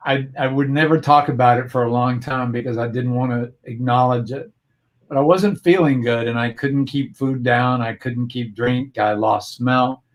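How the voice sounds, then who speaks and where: Earnest man telling a personal story. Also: mid-range voice. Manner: earnest and reflective, with frequent restarts. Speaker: guest. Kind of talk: personal storytelling in a video-call interview. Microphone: video call.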